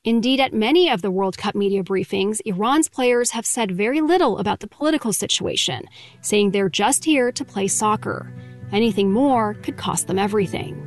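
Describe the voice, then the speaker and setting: A woman delivering a scripted radio news report in a measured, clear way. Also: medium pitch, soft background music.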